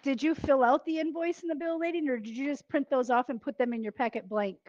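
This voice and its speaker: A woman asking brisk questions as an interviewer in a casual interview. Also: sits high, steady tone, lo-fi sound, a crowd in the background.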